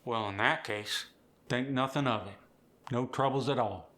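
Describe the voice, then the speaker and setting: A man voicing an easygoing Appalachian country man with a folksy, unhurried drawl. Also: mid-range voice, a bit bright, natural voice.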